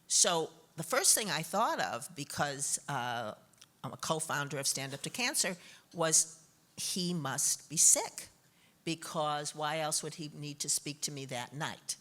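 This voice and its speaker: Older woman, bright lively voice, warm funny storyteller, laughs a lot as she talks. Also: low voice, measured pace. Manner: expressive storytelling with frequent laughter. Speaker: honored guest interviewee. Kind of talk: animated anecdote on stage.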